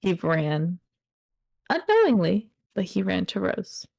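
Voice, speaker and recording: A woman's voice: fairly low pitch, very animated, takes it slowly, creaky, a little mellow. A young woman co-hosting a casual book podcast, gushing and playful as she recaps a story. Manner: gushing, playful, slips into quoting characters. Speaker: podcast co-host.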